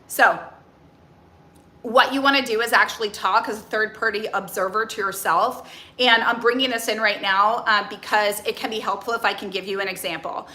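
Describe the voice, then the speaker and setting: A woman in her forties, a nutrition and mindset coach, talking casually to camera in a chatty, animated way. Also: mid-range voice, normal speed, roomy sound. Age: 40s. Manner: chatty and animated, acts out inner voices. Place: outdoors near a tree.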